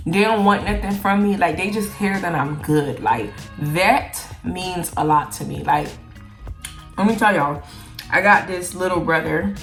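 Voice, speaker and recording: Candid, chatty woman vlogger with low voice. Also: a little slow, echoey room, faint music behind. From Jamaica. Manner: candid, chatty, heavy use of "like". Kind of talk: casual Q&A chat while eating.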